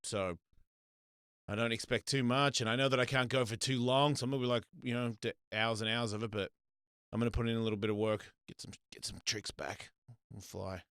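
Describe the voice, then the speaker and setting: Casting: male talk show host, bright tone, dry close studio sound, lively storyteller. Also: medium pitch, a little fast, clear, resonant tone, no echo. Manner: animated storyteller, voice jumps up when acting out scenes. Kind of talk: casual chat.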